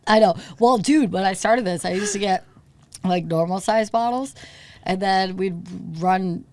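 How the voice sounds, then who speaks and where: A woman's voice: mid-range voice, unhurried, a little mellow, no room sound. A woman hosting a podcast and chatting casually. She sounds tipsy and tells stories animatedly, acting out voices, swearing and laughing often. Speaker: podcast host.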